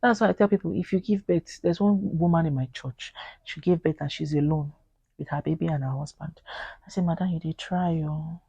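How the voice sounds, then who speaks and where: A woman's voice: low-pitched, brisk, creaky, breathy edge, no room sound, highs cut off. A woman with a Nigerian accent talking casually to camera in a vlog, earnest and pleading, acting out quoted people in Pidgin. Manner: animated, acts out quoted voices in Pidgin. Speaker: vlogger.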